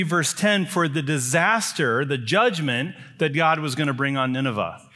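A man's voice: on the high side, a bit bright. A man preaching a sermon, emphatic, building his points with repeated phrases.

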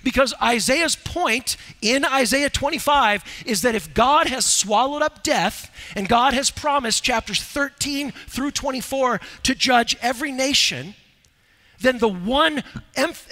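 Male preacher, bright forceful tone, expository sermon, church hall with long reverb. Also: measured pace. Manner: swings from loud, urgent exhortation to low, quiet earnestness. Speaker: pastor. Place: church sanctuary.

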